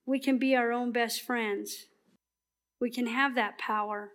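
A woman giving a passionate, emphatic sermon at church that often turns soft and earnest. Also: a little high, steady tone, a little slow. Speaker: church speaker.

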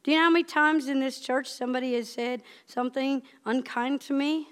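A woman's voice: high-pitched, steady tone, fairly quick, clear, resonant tone. Fifty-something woman preaching in church. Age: 50s. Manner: personal, conversational preaching with rising emphatic repetitions. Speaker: lay preacher. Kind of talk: sermon. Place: church sanctuary.

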